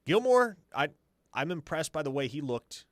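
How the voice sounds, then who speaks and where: A man's voice: a little high, moderate pace, dry recording, studio quality. A man hosting a sports talk radio show, confidently answering listener questions as a team insider. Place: radio studio.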